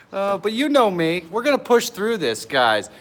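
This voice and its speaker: Nervous and stressed, a high-voiced middle-aged man runs a live stream from an outdoor pavilion. He is excitable, calls out viewers by name, and laughs frequently.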